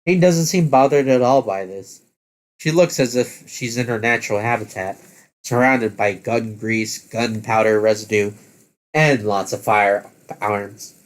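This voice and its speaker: Man haltingly reading a text adventure. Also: lowish voice. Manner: halting reading with self-corrections.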